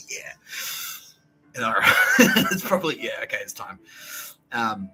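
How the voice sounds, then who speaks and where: A man's voice: lowish voice, fast talker, music in the background, low-quality recording. A man with an Australian accent, hosting a podcast, telling a rambling story full of swearing and laughter. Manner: profane, laughing, agitated storytelling. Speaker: podcast host. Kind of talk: rambling monologue.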